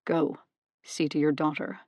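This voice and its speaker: A woman voicing a proud male god of the underworld in an audiobook, cool and commanding, with a warm soothing baritone put on. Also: steady tone, unhurried, gravelly, no room sound, full character voice. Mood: gentle. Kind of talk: audiobook character voice.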